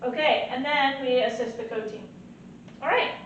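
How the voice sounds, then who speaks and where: A woman teaching a nursing lecture in an animated way, often checking in with "right?". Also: high voice, normal speed, a little hiss or hum. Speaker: nursing instructor. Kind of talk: recorded lecture. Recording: very echoey, distant, muffled.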